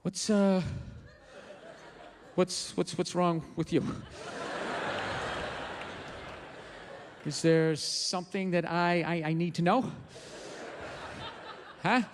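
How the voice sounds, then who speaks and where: A man's voice: high-pitched, steady tone, long reverb tail, noisy background, voice pushed down. A man doing a stammering, pleading captive gorilla. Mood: puzzled. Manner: halting, stammering questions. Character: talking captive female gorilla, wounded and pleading.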